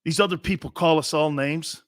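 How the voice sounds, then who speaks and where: A middle-aged man hosting a sports talk show, rambling and telling stories with loud bursts and laughter. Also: a little high, normal speed, no room sound, studio quality. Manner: loud, excitable, storytelling with bursts of shouting and laughter.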